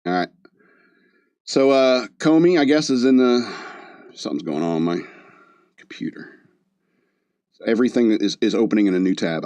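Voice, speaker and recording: A man's voice: mid-range voice, darkish tone, no echo. A man with a mid-range voice hosts a casual podcast and rambles through a movie review, full of "like" and "uh" and restarts. His voice sounds close and dry, with no room around it. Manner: rambling, loose delivery with many fillers and restarts. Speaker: podcast host.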